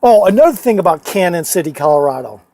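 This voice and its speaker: This vlogger's voice is notably high-pitched and warm, and he talks fast and very animatedly as he rambles through personal tales on his phone. Profanity flows easily, and his sentences are full of restarts, "uh"s and "you know"s.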